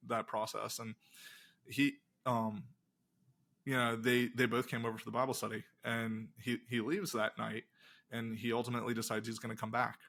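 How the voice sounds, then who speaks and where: This middle-aged man has a gravelly, mid-range voice. A pastor who also designs games, he tells stories during a casual interview, acting out the dialogue and quoting the characters with animation.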